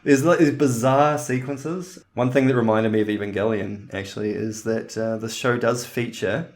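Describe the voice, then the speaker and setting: This podcast co-host has a medium-pitched, darkish voice with fairly even intonation and a moderate pace. He rambles through casual chat and laughs often.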